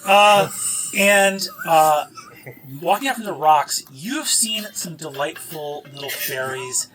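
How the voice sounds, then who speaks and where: A man's voice: on the high side, unhurried, a crowd in the background, poor audio. A man running a tabletop game as game master, narrating playfully and acting out the creatures. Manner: animated, playful, acts out creatures.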